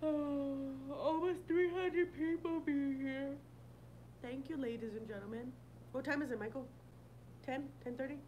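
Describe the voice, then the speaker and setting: A woman's voice: high voice, steady tone, a little slow, muffled recording, a little hiss or hum. A woman hosting a casual livestream, talking bluntly with lots of swearing and laughter while answering viewer comments. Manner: blunt, profane, laughing often. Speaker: livestream host.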